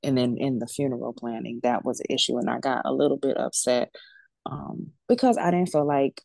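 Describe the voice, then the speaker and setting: Woman in her forties, gravelly low voice, dry close sound, emphatic casual storytelling. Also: fairly quick, darkish tone, no echo. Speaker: death doula guest.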